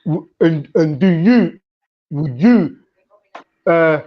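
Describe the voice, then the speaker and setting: A man with a fairly high voice argues as a debate guest, stumbling and repeating himself as he works through his points. The audio comes through a muffled online call. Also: expressive. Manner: halting, repeats words, builds his points slowly. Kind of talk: heated debate chat.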